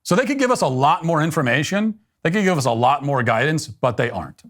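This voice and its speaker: A middle-aged man hosting a political talk show, delivering a sarcastic monologue in a deadpan, mock-earnest manner. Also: on the high side, quick pace.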